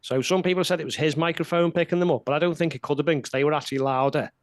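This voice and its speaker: A man's voice: fairly high pitch, steady tone, rapid-fire, no echo. A man co-hosting a casual political chat, blunt and heated. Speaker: podcast co-host.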